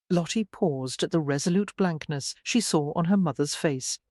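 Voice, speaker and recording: Audiobook narrator, scripted narration, measured, dry close sound. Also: mid-range voice, a little mellow, no room sound.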